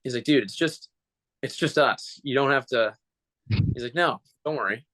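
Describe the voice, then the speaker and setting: A man's voice: mid-range voice, normal speed, dry recording, rough recording. Guy doing a mascot interview, jokey storyteller, super dry close sound. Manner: animated joking storyteller. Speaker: mascot performer. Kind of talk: casual interview chat.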